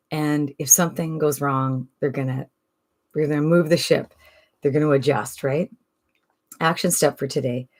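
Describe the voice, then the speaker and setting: A woman from Canada with a low, deep voice makes a casual sales pitch. She talks in a chatty, persuasive way and keeps asking the listener rhetorical questions. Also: darkish tone. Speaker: online business promoter.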